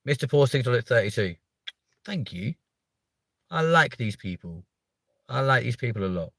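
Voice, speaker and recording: A man's voice: medium pitch, expressive, moderate pace, gravelly, fairly bright tone, no echo. Mock-offended British man in his thirties. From United Kingdom. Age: 30s. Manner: playful, mock-offended, swears casually. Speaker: livestream host. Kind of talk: casual live chat reading viewer comments.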